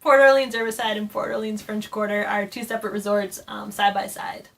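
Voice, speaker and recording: A woman's voice: medium pitch, little pitch movement, a little fast, vocal fry, a bit bright. A woman co-hosting a casual travel chat, explaining things in detail and laughing often. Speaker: co-host of a theme park travel channel.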